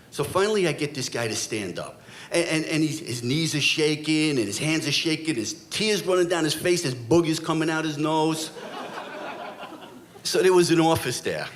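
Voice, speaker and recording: A middle-aged man telling a true police story on stage before a live audience. His slightly high voice swings widely as he builds the drama with blunt, street-tough talk. Faint room ambience sits behind him. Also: animated, normal speed, fairly bright tone, a little hiss or hum. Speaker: storyteller, former police officer.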